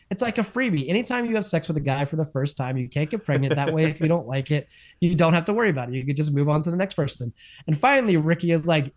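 Male co-host, slightly high voice, casual chatty recap with lots of fillers. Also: fast talker. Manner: animated retelling with many fillers and restarts. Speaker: podcast co-host. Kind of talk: casual chat recapping TV episodes.

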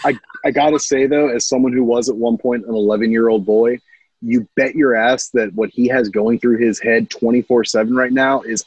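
A man co-hosting a podcast, animated, swearing and breaking into voices. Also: mid-range voice, normal speed, breathy edge, no echo, poor audio. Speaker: podcast co-host. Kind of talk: casual book-club chat.

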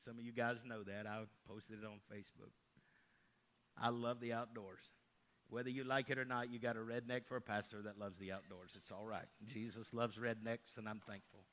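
A middle-aged pastor, preaching a sermon, moving from loud emphatic lines to hushed storytelling. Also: male voice, fairly low pitch, little pitch movement, a little fast.

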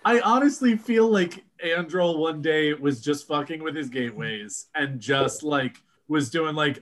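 A man's voice: on the high side, unhurried, hardly any pauses, a bit bright. A man in a casual podcast chat who jokes around and acts out characters with plenty of laughter. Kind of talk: casual book-discussion chat.

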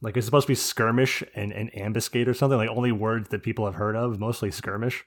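A man's voice: lowish voice, steady tone, fast. A man from New Jersey co-hosting a podcast, rambling through jokey rants with plenty of swearing. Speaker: podcast co-host. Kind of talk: casual chat.

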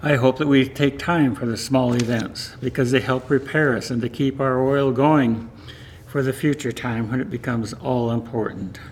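A man as pastor giving a sermon in calm, gentle short phrases. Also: medium pitch, moderate pace, a little hiss or hum.

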